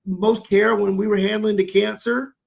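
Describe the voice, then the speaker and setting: Gravelly high-voiced man, earnest. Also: little pitch movement, moderate pace. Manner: earnest, repeats words when moved. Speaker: podcast co-host. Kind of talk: heartfelt casual conversation.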